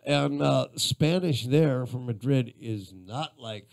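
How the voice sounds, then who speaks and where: A man's voice: mid-range voice, takes it slowly, vocal fry, darkish tone. A man hosting a live radio talk show, chatting loosely with guests and often repeating words. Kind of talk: casual radio chat.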